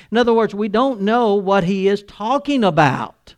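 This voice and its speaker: High-voiced preaching man. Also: normal speed, hardly any pauses. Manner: earnest preaching with many restarts and scripture readings. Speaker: pastor. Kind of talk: sermon.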